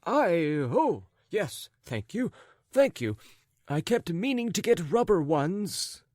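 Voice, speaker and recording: A man's voice: sits high, sing-song, slow, darkish tone, dry recording, clean studio sound, pitched above the performer's own voice, exaggerated voice. A man voicing a flustered, fussy husband. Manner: fussy, flustered, over-polite. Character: flustered jealous husband, middle-aged.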